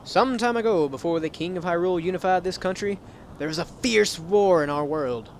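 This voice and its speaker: A man voicing a cheerful little talking tree sprout from a video game, in a bright, loud, chirpy put-on voice. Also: high-pitched, a little fast, slight background noise. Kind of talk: playful voice reading of game text.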